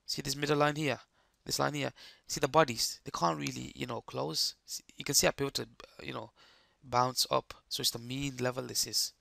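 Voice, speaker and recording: A man with a hoarse, croaky voice giving live trading commentary, explaining chart steps and checking that the viewers follow. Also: medium pitch, little pitch movement, moderate pace, few pauses, pushed and bright, no room sound, studio quality. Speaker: trading streamer.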